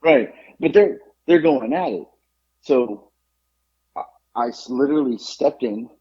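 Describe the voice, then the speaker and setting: In lo-fi sound, a podcast co-host speaks at a measured pace in a mid-range voice with a breathy edge. His casual storytelling is lively, and he voices the people in the tale himself.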